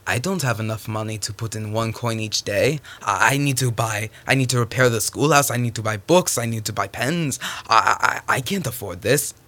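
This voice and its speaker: A man's voice: fairly low pitch, normal speed, few pauses, sharp tone. A man doing a stammering, stingy schoolteacher. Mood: fretting. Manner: stammering, indignant outbursts. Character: stubborn schoolteacher husband, adult man, stingy.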